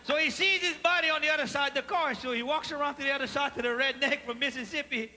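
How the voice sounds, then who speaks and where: A man with a Cajun accent doing live stand-up storytelling on a theater stage, loud and animated as he acts out the people in his jokes. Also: very high voice, fast, a little hiss or hum. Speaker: stand-up comedian. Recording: long reverb of a live theater hall.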